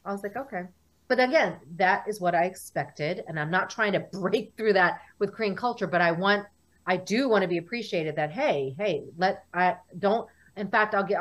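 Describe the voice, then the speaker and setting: A woman speaks as a guest in a relaxed interview. Her voice sits fairly low. She tells stories with energy and acts out the lines of the people in them. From United States. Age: 40s. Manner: animated storyteller, acts out dialogue. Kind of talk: casual interview.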